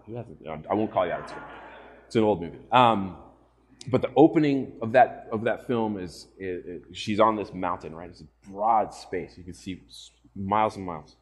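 A man preaching a sermon as pastor to a congregation, earnest and often putting questions to his listeners. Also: on the low side.

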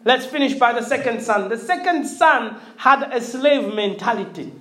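Middle-aged preacher, sermon, emphatic then hushed, repeats words, echoey church hall. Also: medium pitch, normal speed. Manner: animated, swings from loud emphatic to quiet intimate; repeats words, asks the congregation for response. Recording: roomy echo.

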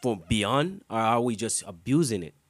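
Give me a reflective man with a low voice chatting casually. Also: lively intonation, normal speed, no room sound. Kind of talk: casual chat.

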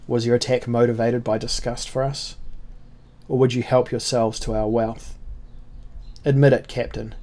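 A man reading an audiobook and voicing a weary albino sorcerer prince who speaks in a calm, measured, detached way. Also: medium pitch, close to an everyday voice. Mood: cool, measured. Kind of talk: audiobook character voice.

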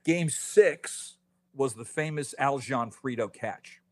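Animated storytelling man in his fifties. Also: medium pitch. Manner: animated storyteller, quick restarts, frequent "you know". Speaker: author guest. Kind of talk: casual podcast interview.

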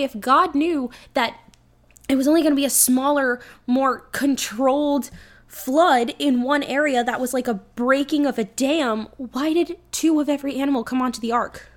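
Woman podcast co-host with a slightly high voice, casual and profane, animated, acts out quotes. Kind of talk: casual chat.

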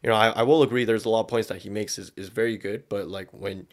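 A man's voice: fairly low pitch, fairly even intonation, fast talker. A young man chatting casually as co-host, rambling, swearing freely and laughing often. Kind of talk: casual reaction chat.

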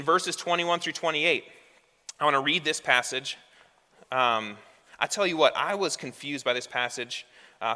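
In an echoing hall, a pastor gives a sermon in a bright, mid-range male voice. His delivery is conversational, sprinkled with rhetorical questions.

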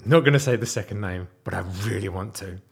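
A man in his thirties casually telling a personal story, animated, sometimes dropping to a whisper. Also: fast talker, gravelly, slightly rough. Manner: animated, wide swings in pitch and loudness, drops to whispers.

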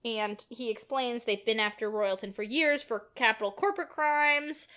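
A woman's voice: fairly high pitch, normal speed, sharp tone, smooth. A woman co-hosting a podcast, casually retelling film scenes with lots of fillers. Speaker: podcast co-host. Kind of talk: casual film recap chat.

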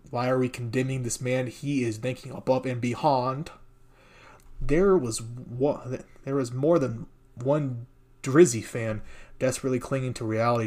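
A man's voice: medium pitch, a little mellow. Sarcastic rambling man riffing on news. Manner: sarcastic, rambling, laughs often. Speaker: podcast host reading news. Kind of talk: casual comedic commentary.

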